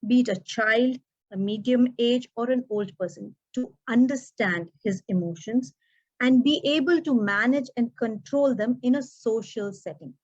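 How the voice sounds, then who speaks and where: Woman educator in her thirties, highish voice, expressive speech, dull lo-fi recording. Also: moderate pace. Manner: expressive, acts out quoted dialogue. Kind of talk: prepared contest speech.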